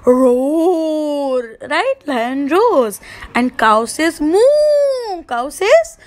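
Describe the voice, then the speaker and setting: Slow, high-pitched Indian English teacher. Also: female voice, big pitch swings, poor audio. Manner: slow, sing-song, mimics animal sounds for kids. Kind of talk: online class for young children.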